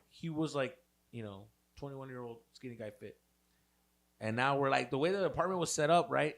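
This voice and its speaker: A young man co-hosting a podcast, telling a wild story in casual, profane chat and acting out the people in it. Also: mid-range voice. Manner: animated, profane, acts out voices in quotes. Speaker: podcast co-host.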